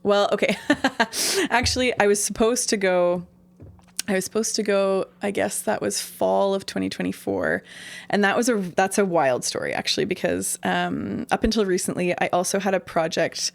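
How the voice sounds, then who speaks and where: A woman's voice: medium pitch, normal speed, creaky, no echo. A woman from Canada, an interview guest, telling stories in a rambling casual way with many fillers. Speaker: interview guest, singer-songwriter.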